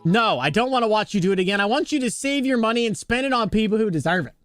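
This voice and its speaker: Excitable, flustered male game streamer. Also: high voice, fast talker, music in the background. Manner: excitable, flustered, joking, rambling. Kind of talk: live-stream chatter to chat.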